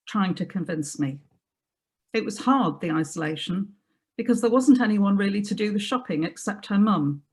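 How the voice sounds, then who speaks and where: A woman reading her own prose piece aloud, in a measured, quiet and reflective way, over a video call. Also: medium pitch.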